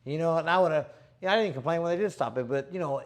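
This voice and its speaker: A middle-aged man, a boxer hosting a show, telling stories in a casual, animated, slangy way and acting out what people said. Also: fairly high pitch, very fast. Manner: animated, slangy, acts out quotes. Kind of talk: casual storytelling chat.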